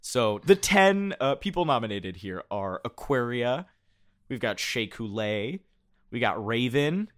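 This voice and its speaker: Animated man hosting a chat. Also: mid-range voice, a little slow. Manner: animated, reads lists, laughs often. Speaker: host. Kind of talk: casual chat about award nominees.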